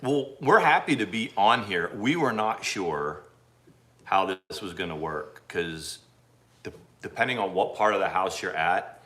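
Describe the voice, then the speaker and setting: A man's voice: deep voice, lively intonation, measured pace, fairly bright tone. A man chatting casually as co-host of a home livestream, laid-back and joking. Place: at home in a house. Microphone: phone.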